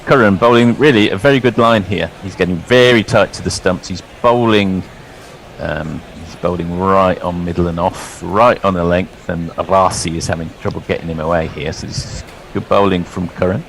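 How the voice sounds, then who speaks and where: A man calling ball-by-ball cricket commentary in a lively, chuckling way, bringing in his co-hosts. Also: low voice, normal speed, vocal fry, slight background noise, low-quality recording.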